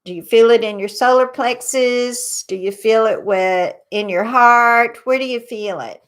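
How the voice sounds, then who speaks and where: A woman hosting a psychic advice show, guiding listeners through a tapping meditation with slow, soothing instructions. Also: on the high side, clear, resonant tone.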